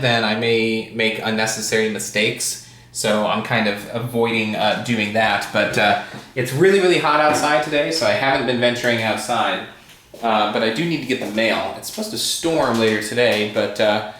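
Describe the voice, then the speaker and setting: A man's voice: medium pitch, sharp tone, echoey room. A man chatting casually to camera about his day at home, rambling with plenty of uhs and ums. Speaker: tech YouTuber vlogging his day. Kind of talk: casual vlog talk to camera. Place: at home indoors.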